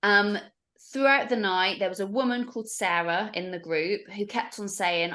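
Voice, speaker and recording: A woman's voice: medium pitch, moderate pace. Woman telling a story. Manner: animated, acts out the voices of others. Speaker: podcast guest. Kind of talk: storytelling in casual chat.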